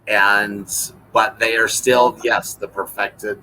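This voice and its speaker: A man's voice: on the low side, flat delivery, takes it slowly, pushed and bright, a little hiss or hum, poor audio. A man, a guest on a live stream, chatting conversationally with frequent restarts. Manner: conversational, lots of fillers and restarts. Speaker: guest, chapter host. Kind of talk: casual live-stream chat.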